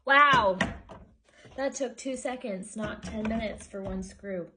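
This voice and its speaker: A young woman talks her way through building furniture at home, chatty and openly exasperated, tossing in the odd swear word. Her pitch sits in a middle range for a woman, and clear clicking and tool noises run behind her voice. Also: normal speed, darkish tone, a little hiss or hum. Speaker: vlogger. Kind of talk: casual chat while assembling furniture.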